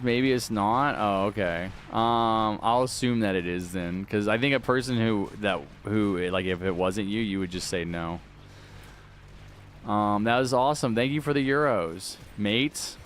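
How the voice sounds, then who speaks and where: A man's voice: fairly low pitch, a little slow, slight background noise. A man live-streaming a video game, chatting casually, reading viewer messages aloud and thanking donors. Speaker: livestreaming gamer.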